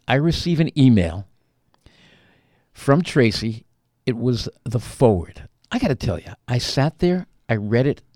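A man telling a personal story as an author being interviewed, animated and acting out the lines he quotes. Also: mid-range voice, no room sound, clean studio sound.

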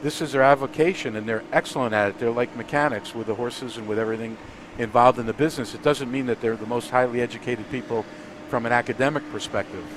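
A man hosting a sit-down interview, putting his questions in an easy, conversational way. His voice sits at a middle pitch, and a faint air-conditioning hum runs underneath. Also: fairly even intonation, fast.

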